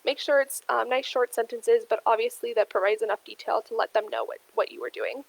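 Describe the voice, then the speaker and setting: This career workshop presenter, a young adult woman, talks briskly in a slightly high, gravelly voice with a steady tone. She explains things steadily, peppers her talk with ums, says "you guys," and the audio quality is poor.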